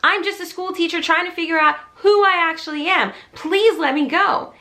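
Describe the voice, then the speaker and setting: A woman's voice: very high-pitched, normal speed, bright, forceful tone, voice pushed up. A woman voicing a frightened woman with amnesia who begs her captors to let her go. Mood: pleading. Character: frightened woman with amnesia, turning cold killer.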